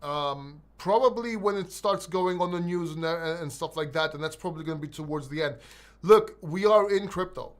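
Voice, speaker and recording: A man with a high voice and a mixed London and Greek accent hosts a live crypto Q&A. He is blunt and emphatic, drops the odd swear word, and stumbles over repeated words as he answers viewers' questions. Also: a little fast, hardly any pauses. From born in London, raised in Greece. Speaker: crypto livestream host. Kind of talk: live Q&A, reading chat questions.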